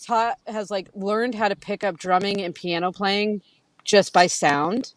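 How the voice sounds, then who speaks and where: A woman in her thirties chatting casually, telling lively stories and acting out quotes with frequent laughter. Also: medium pitch, a little slow, poor audio. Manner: animated storytelling, acts out quotes, laughs often. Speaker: guest. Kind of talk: casual chat.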